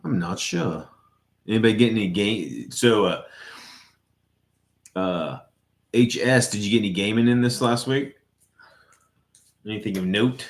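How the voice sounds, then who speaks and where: A man's voice: on the low side, measured pace, long pauses. A man hosting a casual livestream, rambling and profane as he greets viewers in chat by name. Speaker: livestream host.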